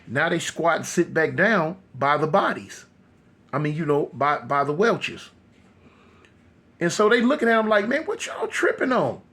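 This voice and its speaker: A man telling a horror story casually, animated and loose with many fillers. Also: a little high, measured pace, long pauses.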